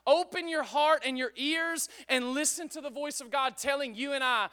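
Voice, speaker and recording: A young man preaching an energetic sermon, calling the room to shout praise. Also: very high-pitched, normal speed, few pauses. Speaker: pastor.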